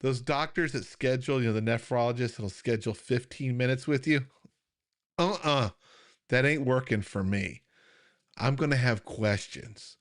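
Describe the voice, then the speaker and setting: A man's voice: mid-range voice, normal speed. Earnest American man hosting a live chat. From United States. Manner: earnest, conversational, with frequent fillers and restarts. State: fighting back emotion. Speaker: kidney health coach hosting a live Q&A. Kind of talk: casual live-stream chat.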